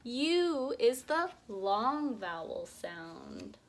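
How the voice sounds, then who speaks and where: A woman teaching young children to read, sounding out vowels slowly and with exaggerated emphasis. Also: fairly high pitch, sing-song. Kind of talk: early reading lesson for young children.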